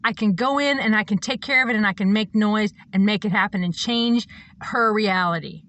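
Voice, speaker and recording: A woman's voice: medium pitch, moderate pace, fairly bright tone. A woman who calls herself a psychic, delivering a blunt, profanity-filled rambling monologue. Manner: blunt, profane, emphatic ranting. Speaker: self-described psychic and reverend.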